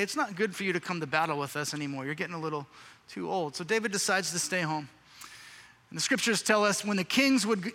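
A man's voice: high-pitched, sharp tone. A male pastor preaching a sermon, telling a scripture story in a casual, slangy way. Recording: reverberant hall.

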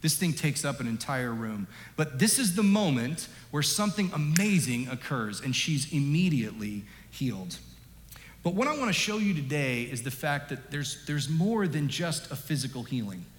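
A man preaching a sermon as a pastor, animated and emphatic, dropping low and rising up for stress. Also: moderate pace, slight background noise. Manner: animated, emphatic, varies loudness. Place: large church hall. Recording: echoey hall with long reverb.

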